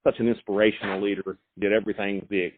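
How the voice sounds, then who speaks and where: A middle-aged man, a high school football coach, talking in a halting way with many repeated words and fillers. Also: little pitch movement, a little hiss or hum. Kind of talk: phone interview. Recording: phone line.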